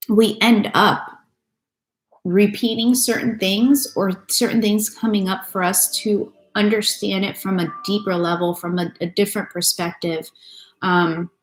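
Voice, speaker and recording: A woman giving a loose, chatty live-stream tarot reading, swearing casually and greeting viewers by name. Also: medium pitch. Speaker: tarot reader. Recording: echoey room with faint noise.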